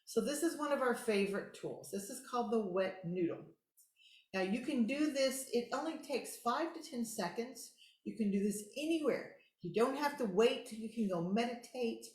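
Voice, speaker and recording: A woman who calmly and encouragingly guides listeners through simple relaxation tools in a casual teaching talk. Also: fairly high pitch, moderate pace. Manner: calm, instructive, encouraging. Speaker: host. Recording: roomy echo.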